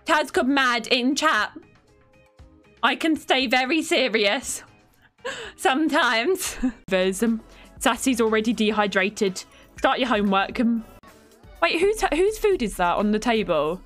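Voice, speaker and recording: A woman's voice: on the high side, sing-song, slow pace, pauses often, fairly bright tone, faint music behind. A woman streaming a game, talking casually, laughing often and bursting into dramatic exclamations. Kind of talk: casual live-stream gameplay commentary.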